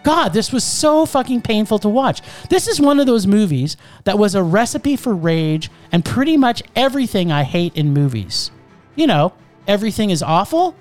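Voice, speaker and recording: Woman, exasperated ranting film-review host, lively swooping pitch, faint music behind. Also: moderate pace. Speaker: podcast host reviewing films. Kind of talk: casual chat.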